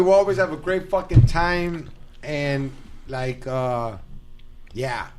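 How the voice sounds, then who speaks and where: A man hosting a podcast in a studio, trading jokes and slang, swearing freely and breaking into loud hype-man announcements. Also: mid-range voice, slow. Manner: hyped, joking, loud announcer bursts. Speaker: podcast host. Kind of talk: casual podcast chat.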